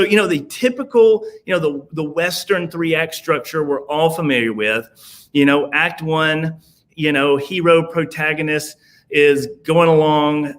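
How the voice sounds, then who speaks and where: A man's voice: fairly high pitch, a bit bright. A man with a Southern US accent, a podcast guest talking in a rambling way, full of fillers and restarts. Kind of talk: casual conversation.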